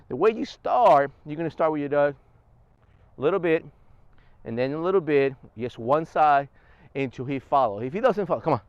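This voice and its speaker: A man's voice: on the high side, clean tone, dry recording, highs cut off. A man casually explaining service dog training step by step in a vlog, recorded on a clip-on wireless mic.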